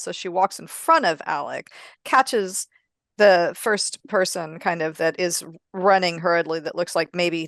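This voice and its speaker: A woman's voice: fairly low pitch, fairly bright tone, dry recording. A woman playing a tabletop game, rambling and correcting herself as she describes her character's actions. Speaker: player. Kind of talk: casual narration of her character.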